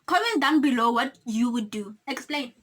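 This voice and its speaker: Bright-voiced South African woman. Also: fairly high pitch, normal speed. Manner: animated, dramatic retelling with acted-out quotes and laughter. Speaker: YouTuber. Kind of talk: storytime vlog.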